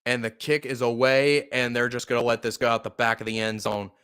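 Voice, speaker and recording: A man hosting a live fan play-by-play stream, calling the game casually and swearing freely, with big jumps in excitement. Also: medium pitch, fairly quick, smooth. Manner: excitable, profane, shouting when upset. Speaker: sports podcast host.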